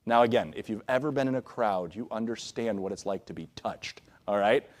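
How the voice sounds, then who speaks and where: A man's voice: lowish voice, brisk. A male pastor preaching a conversational sermon, checking in with "all right?" asides. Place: church sanctuary.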